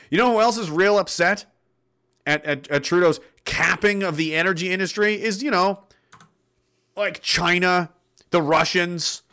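A man's voice: high voice, slow pace, creaky, pauses often, pushed and bright. Indignant man ranting. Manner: indignant, sardonic, swears freely. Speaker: political commentator. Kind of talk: ranting political vlog.

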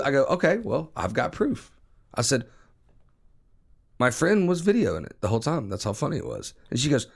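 A man's voice: mid-range voice, a little fast, gravelly. A man in his forties, a podcast host, casually telling a long profane story and acting out other people's lines. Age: 40s. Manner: animated, profane, mimics voices in quotes.

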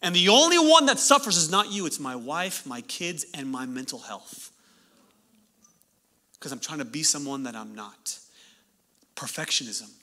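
A man in his thirties, a pastor preaching a sermon in an animated way, with joking asides to his congregation. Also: a little high.

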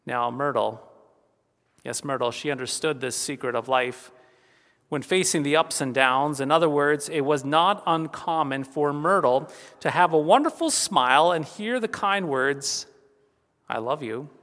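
A pastor giving a funeral sermon, earnest and steady, returning to key phrases again and again for emphasis. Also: male voice, on the high side, measured pace, big-room sound.

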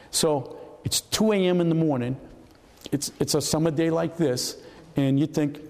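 A man's voice: a little high, moderate pace. Older man telling stories in an echoing hall. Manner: animated, acts out voices of people in his story. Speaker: retired FBI agent telling stories. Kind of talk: anecdotal storytelling to an audience. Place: hall at a historical society talk. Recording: long reverb of a hall.

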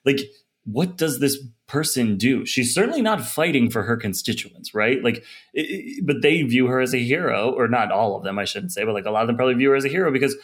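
A man's voice: medium pitch, animated, fairly quick. A man in a casual political podcast chat, sarcastic and rambling with lots of fillers. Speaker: podcast panelist.

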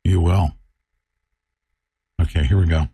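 Brief: male talk host, low husky voice, combative rant. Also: fairly even intonation, slow pace. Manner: fiery, combative, swings between shouting and muttering. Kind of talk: bombastic talk radio rant.

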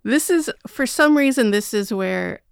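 Gravelly-voiced woman in wry chat. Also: on the high side, lively intonation, a little slow, dry recording, studio quality. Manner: blunt, wry, laughs often. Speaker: podcast host. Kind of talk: casual movie chat.

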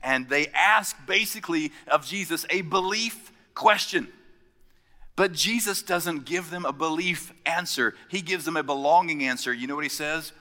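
A man preaching a sermon, telling stories and acting out the quotes, dropping from loud to hushed. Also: a little high, a little slow, big-room sound. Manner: storytelling with acted-out quotes, swinging from loud to hushed. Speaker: pastor.

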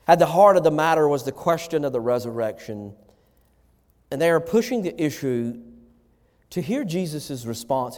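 A man's voice: mid-range voice, darkish tone, long reverb tail. A man preaching a sermon as pastor to his church, impassioned, his voice rising and falling through the message.

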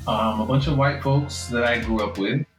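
A man's voice: mid-range voice, normal speed. A man with a Jamaican accent, a book author talking frankly and reflectively in an interview, often laughing. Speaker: author guest. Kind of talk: interview conversation. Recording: roomy room with faint music.

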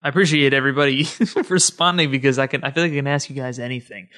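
Alone on his podcast, a man talks casually and chattily to his listeners. He speaks fast, and his mid-range voice is steady and sharp in tone.

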